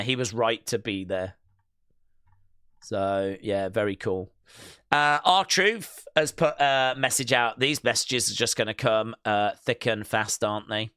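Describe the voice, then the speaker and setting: A man's voice: mid-range voice, bright, forceful tone, clean tone, no room sound, clean studio sound. A man hosting a live wrestling watch-along stream, chatting casually and reading news items aloud to viewers. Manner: chatty, musing aloud with filler words.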